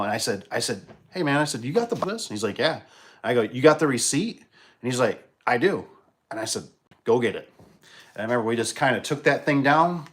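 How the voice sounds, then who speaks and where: A man who installs garage doors, casually telling a rambling work story on a livestream, full of restarts and acted-out dialogue. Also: mid-range voice. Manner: rambling, animated retelling with many restarts.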